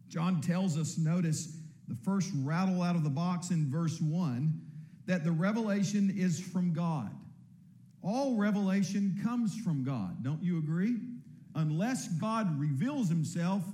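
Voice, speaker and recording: Male pastor, sermon, high-pitched, mellow tone, echoey church room. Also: animated. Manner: earnest preaching with repeated words and slow emphatic stresses.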